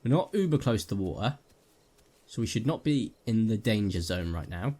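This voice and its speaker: A man's voice: on the low side, expressive, normal speed, warm tone. A man giving jokey live gameplay commentary, talking to his viewers while he plays, on a headset mic. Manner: jokey, jumpy, talks to viewers while playing. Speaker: gaming video creator.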